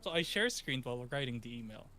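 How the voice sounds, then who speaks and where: A man's voice: medium pitch, lively intonation, fast talker, sharp tone. A man telling a story in casual chat, acting out quotes from his chat and friends. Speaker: VTuber guest.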